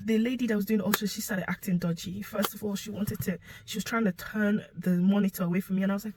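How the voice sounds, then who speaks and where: Woman, young adult, personal story to camera, halting, emotional, gravelly. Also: fairly high pitch, fairly even intonation, a little hiss or hum, low-quality recording. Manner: emotional, halting, drops to a whisper at times. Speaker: vlogger sharing her story.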